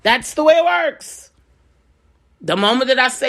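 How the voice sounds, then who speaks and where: A woman's voice: sits high, expressive, a little slow, fairly bright tone. A middle-aged woman and business owner giving casual advice straight to camera, blunt and emphatic, coming back to her points again and again.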